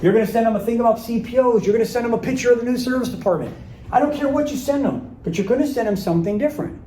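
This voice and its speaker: A sales trainer runs a live workshop, talking conversationally and acting out sample voicemails and emails. His voice is extremely high yet mellow, and he speaks rapid-fire. The low-quality recording sounds roomy, with slight background noise.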